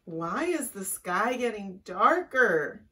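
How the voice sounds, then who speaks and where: A woman voicing a jittery little skunk that talks high and alarmed. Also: very animated, takes it slowly, pushed and bright, recorded from a distance, full character voice.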